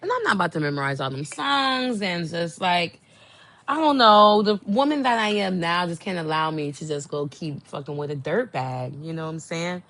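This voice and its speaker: A young adult woman hosting a podcast, chatting casually and gossiping with animated, swooping exclamations. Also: fairly low pitch, moderate pace. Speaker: podcast host. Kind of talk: casual chat.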